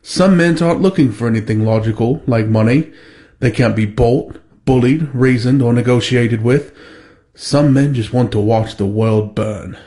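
A man's voice: medium pitch, normal speed, warm tone, natural voice. A man doing an imitation Cockney accent as a solemn older butler, speaking steadily and carefully.

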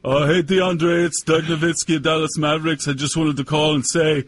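A man's voice: on the high side, flat delivery, moderate pace, slight background noise, close to an everyday voice. A man with a German accent playing a whiny, teasing basketball star in a comedy sketch. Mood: pleading.

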